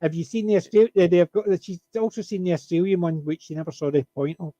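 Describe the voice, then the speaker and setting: High-voiced man telling a story. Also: fast talker, dry recording, highs cut off. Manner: animated anecdote-teller, chuckles through his punchlines. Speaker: panelist. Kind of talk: casual storytelling chat.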